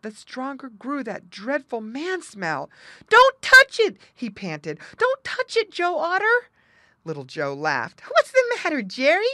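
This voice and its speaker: Woman reading a kids audiobook, bouncy expressive voice, bright and dry, close mic. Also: on the low side, no echo. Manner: lively, expressive storytelling. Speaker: audiobook reader. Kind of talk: children's audiobook narration.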